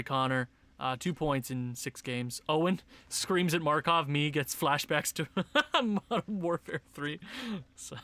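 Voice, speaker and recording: Excitable young man commenting on gameplay. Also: sits high, dry recording. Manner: excitable, talks to his players, bursts into shouts and laughs. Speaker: gaming YouTuber.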